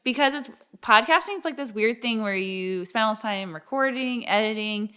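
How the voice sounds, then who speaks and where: A woman's voice: a little high, expressive, normal speed, fairly bright tone, clear, resonant tone. A woman co-hosting a podcast, teasing her partner in dry, casual chat. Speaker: podcast co-host.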